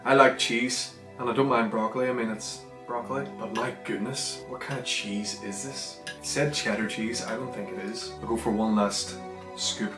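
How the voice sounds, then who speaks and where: A young man with a Northern Irish accent, chatting enthusiastically in a casual food vlog and dropping into softer asides. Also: mid-range voice, steady tone, normal speed. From Northern Ireland. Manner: chatty, enthusiastic, drifts between loud and soft asides. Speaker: vlogger. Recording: echoey room with faint music.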